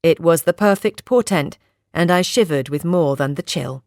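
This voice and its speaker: A woman narrating a first-person novel in a measured, steady reading. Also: low voice, dry recording, studio quality. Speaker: audiobook narrator.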